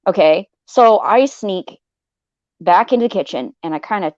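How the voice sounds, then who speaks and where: A woman's voice: mid-range voice, animated, normal speed, a little mellow, no echo, lo-fi sound. Rambling, cursing woman telling a story. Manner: rambling, profane, restarts often, acts out quotes. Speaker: host. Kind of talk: casual chat, telling a dream story.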